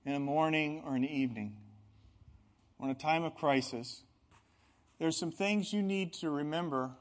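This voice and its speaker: A middle-aged man preaching a sermon as pastor, earnest and building to emphatic bursts. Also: on the high side.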